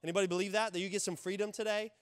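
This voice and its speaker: A man's voice: sits high, level tone, very fast, no echo, clean studio sound. A male pastor preaching a sermon emphatically, repeating key phrases and putting questions to the congregation.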